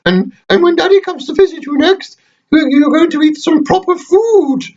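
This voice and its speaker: A father voicing a polite little male teddy bear from Canada in a chirpy, eager falsetto. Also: normal speed, darkish tone, dull audio.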